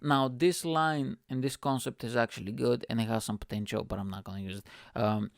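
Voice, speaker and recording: A man's voice: mid-range voice, fairly even intonation, moderate pace, gravelly, dry recording, studio quality. A man hosting his own comedy show, rambling through profane, self-mocking asides. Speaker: comedian and podcast host. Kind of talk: casual comedy monologue. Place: at home.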